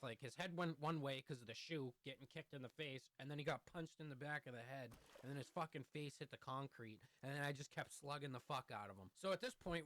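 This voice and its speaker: A man's voice: mid-range voice, a bit bright, no room sound. A young man telling a heated, profanity-heavy story in a storytime vlog. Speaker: vlogger.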